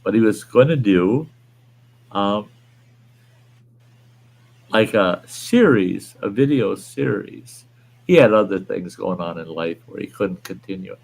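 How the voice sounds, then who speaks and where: A man's voice: lowish voice, lively intonation, unhurried, creaky, long pauses. A man hosting a livestream, chatting casually, rambling and reading viewer comments aloud. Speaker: livestream host. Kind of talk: casual chat.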